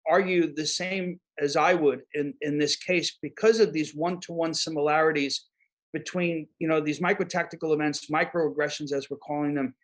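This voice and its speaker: A man with a New York accent speaks as a guest expert in an interview. His voice sits a little high for a man. He talks in a halting way, full of fillers and repeated words. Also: fairly even intonation, low-quality recording. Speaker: guest expert on disaster preparedness. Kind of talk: conversational interview answers.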